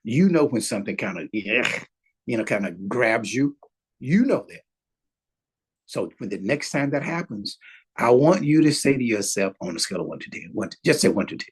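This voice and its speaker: A male relationship coach leads a webinar lesson in a husky voice. He talks in a loose, conversational way, circling back over his words and slipping into quick example dialogue to make his points. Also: medium pitch, sing-song, low-quality recording. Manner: conversational, repeats and restarts phrases, acts out example dialogue. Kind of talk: webinar teaching session.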